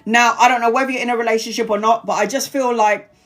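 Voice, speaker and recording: A woman's voice: a little high, fairly even intonation, fast talker. A woman giving a live-stream tarot reading, chatty and blunt, swearing freely and calling viewers honey and sweetheart. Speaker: tarot reader.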